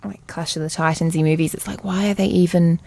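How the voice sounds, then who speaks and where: A woman's voice: on the low side, fairly even intonation, brisk, vocal fry, a little mellow, a little hiss or hum. Giggly, gushing woman co-host. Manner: gushing, laughing storyteller. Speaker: podcast co-host. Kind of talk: casual chat.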